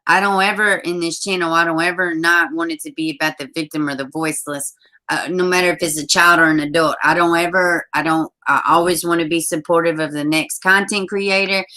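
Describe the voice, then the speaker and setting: A young adult woman hosting a casual live-stream chat, blunt and animated, swearing freely. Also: on the low side, a little fast. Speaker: channel host.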